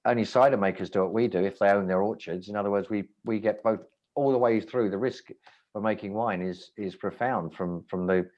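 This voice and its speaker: A man's voice: on the low side, brisk, darkish tone, highs cut off. A man, a restaurant owner, telling wry rambling stories in casual chat, often breaking off and restarting. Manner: rambling, self-interrupting, wry.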